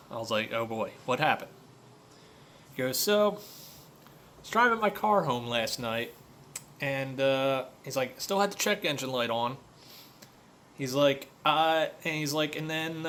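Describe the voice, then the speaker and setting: A man's voice: a little high, bright, forceful tone, slight background noise. A man who runs a car repair shop, telling customer stories in a loose, filler-heavy rant. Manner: conversational storytelling, many fillers. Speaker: auto repair shop owner. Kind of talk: casual monologue rant.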